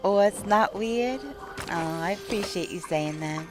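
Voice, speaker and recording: New york lady streaming games, slow easy chatter and little laughs, music going under her. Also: mid-range voice, lively intonation. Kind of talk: casual live-stream chat while gaming. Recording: game music playing behind.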